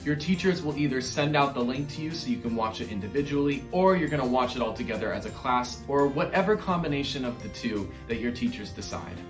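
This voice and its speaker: Upbeat male music teacher, lively pitch. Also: fast, few pauses, roomy sound. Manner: upbeat, encouraging, addresses children directly. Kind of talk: online elementary music lesson.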